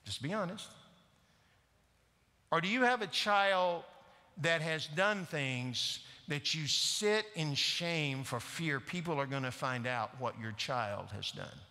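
Bright-voiced preacher in an echoing sanctuary. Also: male voice, a little high, expressive, takes it slowly. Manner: earnest, direct, questioning the congregation. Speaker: guest preacher. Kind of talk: sermon. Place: church sanctuary.

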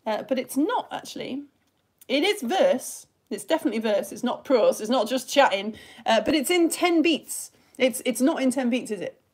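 Chatty woman teacher, slightly high voice. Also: expressive, a little mellow, slightly rough. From United Kingdom. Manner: chatty, laughs often, reads verse slowly. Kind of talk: live online lesson.

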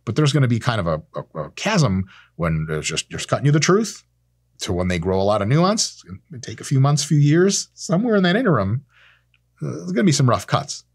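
A man in his thirties hosting a casual monologue, animated and swearing freely, acting out imagined exchanges. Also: mid-range voice, fairly quick, breathy edge. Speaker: host.

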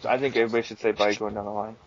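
A man's voice: on the low side, little pitch movement, racing. A young man in casual gaming chat with friends, teasing and pushing others to speak. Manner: teasing, pushy. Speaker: gaming group member. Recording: dull lo-fi headset mic with faint noise.

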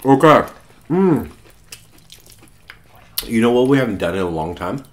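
Very low-voiced woman chatting while eating. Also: sing-song, unhurried, darkish tone. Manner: chatty and coaxing, with many eating murmurs. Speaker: mukbang vlogger eating with her child. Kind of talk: casual eating vlog chat.

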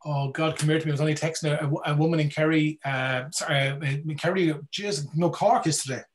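A man talks quickly and with energy. He speaks as a folklorist in a relaxed talk and restarts his phrases as ideas tumble out. His voice sits a little high for a man. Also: a little hiss or hum. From Ireland. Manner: animated, repeats words while thinking. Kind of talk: casual talk with questions.

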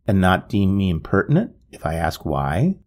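A man voicing a frail, grieving old gentleman who speaks formally and pleads. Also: low-pitched, wildly swooping pitch, moderate pace, pitched below the performer's own voice. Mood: pleading. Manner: formal, imploring, trembling.

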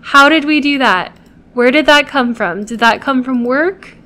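A woman's voice: high-pitched, a little slow, bright, forceful tone. A woman hosting a gameplay video, chatting casually to viewers and coaxing and pleading with the characters she controls.

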